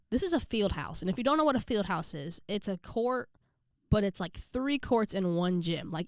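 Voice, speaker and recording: A young woman recounts a story in an easygoing, slang-heavy way, breaking off for quick asides and acting out what people said. Her voice sits at a middling pitch. The sound is dry and close, with no room around it. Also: clear, resonant tone, no echo. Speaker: vlogger. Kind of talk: casual storytelling to camera.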